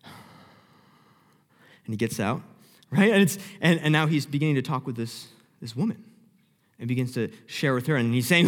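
A young man preaching a sermon, telling the story vividly and acting out the scenes, dropping from loud to hushed. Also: medium pitch, expressive, moderate pace. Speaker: pastor. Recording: long hall reverb.

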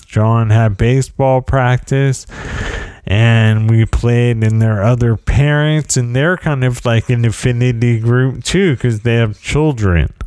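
A man's voice: mid-range voice, darkish tone, clean tone, no echo, clean studio sound. A man telling a rambling, humorous anecdote in a casual way, often breaking off and restarting his sentences. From United States. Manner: rambling, self-interrupting, wry and humorous.

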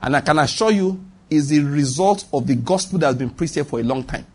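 A man with a Nigerian accent preaches a sermon in a husky, slightly raised voice. He drives his points home by repeating lines and calling out to the congregation for a response. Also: fairly high pitch, lively intonation, a little fast. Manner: emphatic, repeats lines for stress, calls on the congregation.

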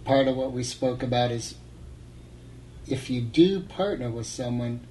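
A man interviewing a guest in a relaxed, reflective way, often with short prompts. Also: medium pitch, unhurried, a little hiss or hum, poor audio. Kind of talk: casual conversation.

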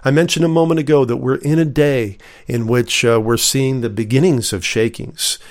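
A man from the United States giving a recorded Bible lesson, reading scripture aloud with pauses and earnest emphasis. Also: medium pitch, fairly even intonation. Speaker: Bible teacher.

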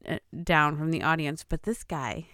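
A woman's voice: deep voice, moderate pace, fairly bright tone, no room sound, clean studio sound. A woman co-hosting a casual chat about a movie, chatty and teasing with many fillers. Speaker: podcast co-host.

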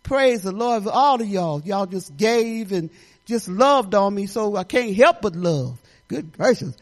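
A woman's voice: medium pitch, animated, a little slow. Older woman, church testimony, rambling, laughs a lot, restarts sentences. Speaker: church member giving testimony.

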